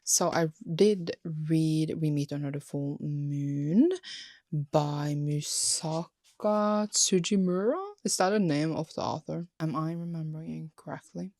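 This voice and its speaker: A young woman vlogging casually about her books, gushing and excitable, often breaking off mid-sentence. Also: low voice, unhurried, no room sound, studio quality. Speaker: book vlogger. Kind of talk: casual reading vlog.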